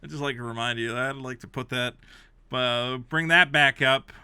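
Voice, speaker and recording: A man hosting a comedic reaction rant. He is exasperated and sarcastic, jumping between loud outbursts and low mutters. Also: steady tone, moderate pace, clear, resonant tone, no echo. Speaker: host reacting to a game console review.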